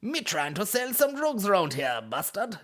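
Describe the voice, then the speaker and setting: A man voicing a swaggering male drug dealer in a mock West Indian accent, loud and slow, full of curses. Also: sits high, sing-song, a little hiss or hum, voice pushed up, heavily acted. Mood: aggressive. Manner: loud, cursing, slow and drawn out.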